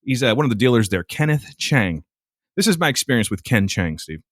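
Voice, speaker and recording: A man's voice: medium pitch, a little fast, no room sound, studio quality. A man co-hosting a podcast, telling a story in a casual, exasperated way with plenty of swearing. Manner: profane, exasperated, animated storytelling. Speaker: podcast co-host.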